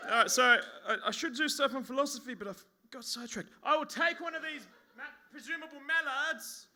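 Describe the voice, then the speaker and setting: An Australian man performing stand-up on a pub stage, speaking into a mic at a lectern. His voice sits very high for a man and sounds sharp and bright. He rambles in a self-mocking way and trips over his own restarts. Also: a little fast, a little hiss or hum. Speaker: stand-up comedian. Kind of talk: stand-up comedy set.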